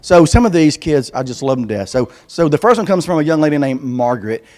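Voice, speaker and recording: A man's voice: fairly high pitch, lively intonation, quick pace, darkish tone. A man with a stutter, giving a folksy, self-deprecating comic speech as a veteran guest speaker. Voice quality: stutters on some words.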